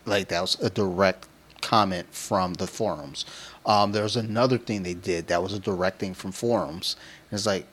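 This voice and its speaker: Rambling crude-talking man, low voice. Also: brisk. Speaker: podcast co-host. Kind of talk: casual chat.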